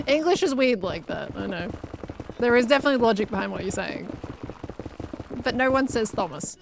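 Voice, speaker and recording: A woman's voice: on the high side, animated, normal speed, creaky, long pauses, noisy background. A young adult woman streaming casually, answering chat messages and laughing often.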